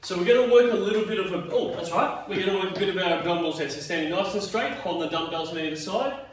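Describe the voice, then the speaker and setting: A man with a high voice and quick pace leads a home workout as a fitness instructor. Though tired and yawning, he chats and cheers people on while counting reps, captured by a distant mic in a very echoey room.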